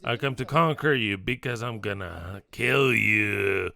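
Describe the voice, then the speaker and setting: Man doing a gloating cancer cell, menacing, low growl, bright edge. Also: a little slow, gravelly, no room sound, clean studio sound, exaggerated voice. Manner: threatening, gloating.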